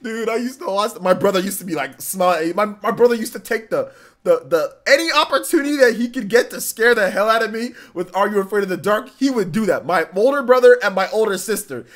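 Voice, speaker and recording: A man hosting a casual live stream, telling stories with animated energy and breaking into shouts when excited. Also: high-pitched, a little fast. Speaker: livestream host.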